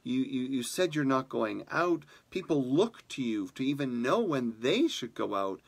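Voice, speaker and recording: A man voicing worried villagers in a folk tale, anxious and insistent, pitched a little higher. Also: sing-song, unhurried, creaky, slightly rough, heavily acted. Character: worried village neighbors, pressing questions.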